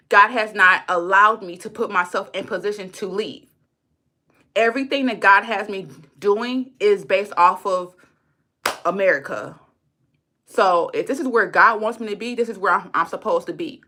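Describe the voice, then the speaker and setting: A woman with a mid-range voice and sharp tone rants unscripted on a livestream at a moderate pace, addressing her chat directly. She's blunt, heated, and profane, repeating lines for emphasis.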